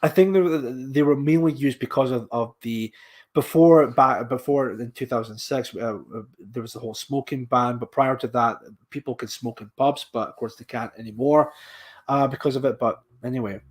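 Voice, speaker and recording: A man's voice: mid-range voice, normal speed. A man from Scotland with a mild Scottish accent, hosting a podcast and chatting casually while reading out viewer comments. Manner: rambling, with frequent restarts and fillers. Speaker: podcast host.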